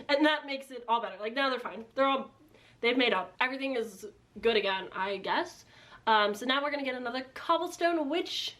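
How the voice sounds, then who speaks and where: A woman's voice: fairly high pitch, animated, normal speed, pauses often, fairly bright tone. A young woman casually recapping a book she dislikes, chatty and sarcastic, filling her talk with "like", recorded on a built-in camera mic. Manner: chatty, sarcastic, heavy use of "like". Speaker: book reviewer. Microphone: built-in camera mic, no external microphone.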